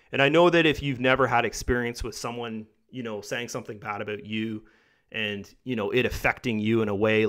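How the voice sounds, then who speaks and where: A man hosting his own video, talking casually and rambling with lots of fillers, tagging "guys" and "right?" onto his sentences, his voice going a bit rough. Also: lowish voice, fairly bright tone. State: losing his voice. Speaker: video host. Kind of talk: casual monologue to camera.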